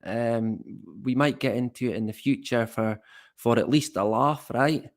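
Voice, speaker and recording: Slow-talking mocking male streamer. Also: medium pitch. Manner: mocking, rambling, swears casually. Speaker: live stream host. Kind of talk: casual live stream commentary, reading chat.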